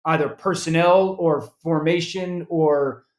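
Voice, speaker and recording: A man in his thirties, a football analyst as guest, talking in a lively casual way with frequent restarts. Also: on the high side, measured pace, reverberant. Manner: animated, restarts often. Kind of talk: casual interview talk.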